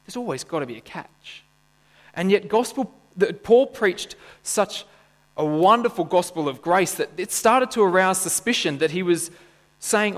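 A man's voice: high voice, animated, measured pace, fairly bright tone. Male pastor preaching in a reverberant church. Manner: conversational, asks the congregation questions; playful asides and jokes. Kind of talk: sermon. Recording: church hall with long reverb and mains hum.

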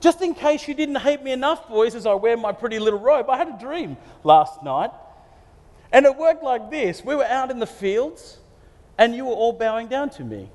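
A man's voice: very high voice, lively intonation, moderate pace, darkish tone, voice pushed up. A man voicing a smug, bragging teenage boy in a sermon. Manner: gloating, showing off. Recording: long hall reverb.

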